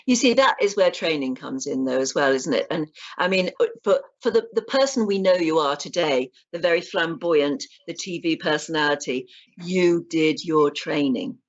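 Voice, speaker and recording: A middle-aged woman interviewing a guest, gently prompting him with encouraging questions. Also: deep voice, moderate pace, few pauses. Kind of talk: casual interview chat. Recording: dull lo-fi audio.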